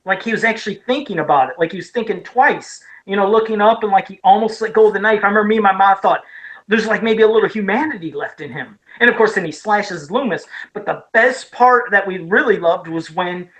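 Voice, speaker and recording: A woman's voice: medium pitch, fast, few pauses, fairly bright tone, poor audio. A woman from Ohio co-hosting a casual podcast, eagerly retelling scenes with many restarts and asides. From Ohio, USA. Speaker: podcast co-host. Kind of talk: casual podcast chat about horror films.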